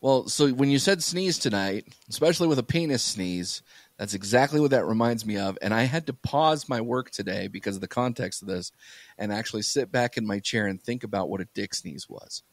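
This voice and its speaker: A man's voice: medium pitch, a little fast, no room sound. A man hosting a podcast, telling rambling stories in a loose, casual way. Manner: rambling storyteller, lots of fillers and restarts. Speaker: podcast host.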